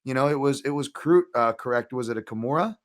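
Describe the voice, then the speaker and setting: A man co-hosts a fight betting show in relaxed, rambling chat. He circles back on his points, restarts sentences and drops asides as he goes. His voice sits at an ordinary middle pitch. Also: quick pace. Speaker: co-host, MMA analyst. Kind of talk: casual betting analysis chat.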